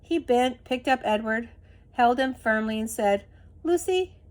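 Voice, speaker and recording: A woman reading a children's chapter book aloud in an expressive, measured way. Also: fairly high pitch. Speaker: reader. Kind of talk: storybook read-aloud.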